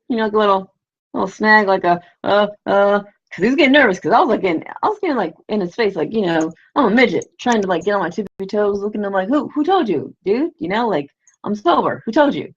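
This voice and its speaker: A woman telling a story casually on a livestream, rambling and peppering it with "you know", "like" and the odd swear. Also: mid-range voice. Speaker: livestream host. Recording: lo-fi livestream audio.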